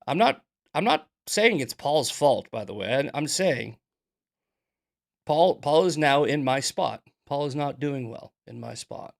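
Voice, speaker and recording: A man's voice: on the high side, lively intonation, unhurried, gravelly. Heated, profane American man ranting. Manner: heated, profane, repeats himself. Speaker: host. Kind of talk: angry ranting commentary.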